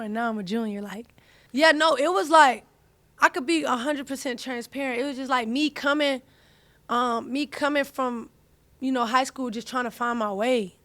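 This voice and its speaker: A woman's voice: a little high, normal speed, fairly bright tone, dry recording. A young woman, hosting a casual chat, talking animatedly in slang and repeating herself. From US South (Atlanta). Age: young adult. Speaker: host, college athlete.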